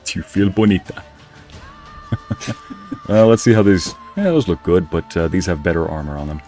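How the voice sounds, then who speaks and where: A man's voice: low-pitched, expressive, normal speed, dark tone, soft background music. A man streaming a game, telling a long rambling story with frequent laughs while muttering at the game. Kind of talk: casual chat while playing a game.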